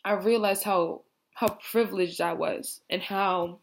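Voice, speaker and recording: A woman's voice: mid-range voice, steady tone, measured pace, creaky. A young American woman talking reflectively in a personal vlog, rambling with many fillers like "you know" and "like". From United States. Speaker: vlogger. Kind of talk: heartfelt personal vlog talk.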